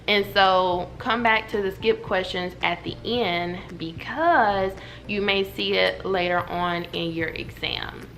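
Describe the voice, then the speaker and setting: A woman, telling a story to her viewers at home in a lively, chatty way. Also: on the low side, takes it slowly, gravelly, slight background noise. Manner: animated, chatty, talks straight to viewers. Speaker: vlogger. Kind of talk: casual storytelling to camera. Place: at home indoors.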